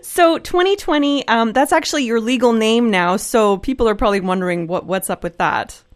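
A woman's voice: fairly high pitch, brisk. A woman hosting a radio talk show, chatty and easygoing. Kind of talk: radio interview.

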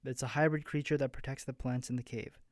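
A man voicing a bold, teasing young alien woman who speaks in a hushed, wry voice. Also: mid-range voice, steady tone, quick pace, no room sound, clean studio sound, lightly acted.

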